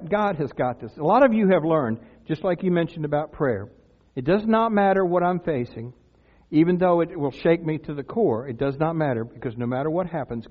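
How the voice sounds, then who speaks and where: An older man preaching a sermon in a church, earnest and conversational, rising to loud cries when he voices prayers. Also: fairly high pitch. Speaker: pastor. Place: church sanctuary. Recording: tinny lo-fi sound with long church reverb.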